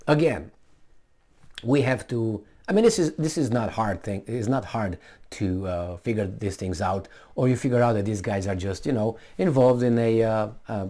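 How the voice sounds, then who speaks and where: A man's voice: on the low side, warm tone. Sarcastic rambling male commentator. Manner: sarcastic, rambling, many fillers and restarts. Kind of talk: casual video commentary.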